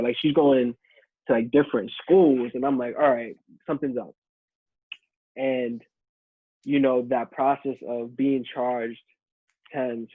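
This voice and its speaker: Husky man on a thin, phone-like line. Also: medium pitch, no echo. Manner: loose, repeats words. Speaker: podcast co-host. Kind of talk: casual chat.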